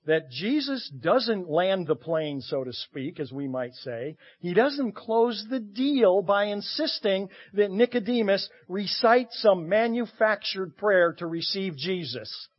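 A pastor delivers a sermon, his husky, slightly high voice swelling for emphasis and dropping low for asides. He leans on dramatic pauses. The recording is muffled and lo-fi. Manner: expressive, swinging between loud emphasis and quiet asides.

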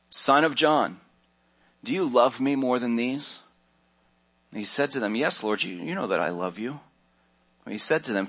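A man's voice: medium pitch, a bit bright. A man, a pastor, preaching a sermon in an easygoing, conversational way, now and then acting out the lines of the people in his story. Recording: church sermon audio.

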